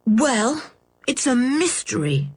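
A stubborn, gloomy tomboy girl with a raised, sulky voice that rises in protest, as a woman reading aloud puts her on. The voice is slightly husky. This storybook reading is recorded close and dry. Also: high-pitched, sing-song, takes it slowly, a little mellow, no echo, pitched above the performer's own voice, heavily acted.

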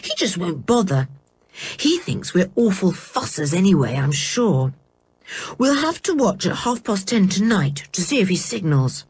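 A woman's voice: fairly low pitch, very animated, a little slow, darkish tone, husky, exaggerated voice. A woman voicing a headstrong tomboy girl in a storybook reading, sulky and indignant.

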